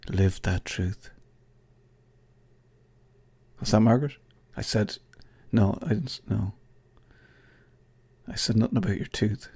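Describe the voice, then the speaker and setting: A man's voice: lowish voice, moderate pace, dark tone, breathy edge. A middle-aged Irish man hosting his own podcast, rambling and swearing through a jokey sign-off with asides to an imagined colleague. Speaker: podcast host. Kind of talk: casual solo podcast outro.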